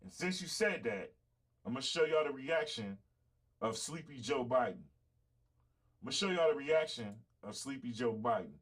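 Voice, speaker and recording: A man's voice: medium pitch, expressive, normal speed, a bit bright, slightly rough. A man hosting a livestreamed podcast, giving heated, profane commentary straight to his chat. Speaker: podcast host.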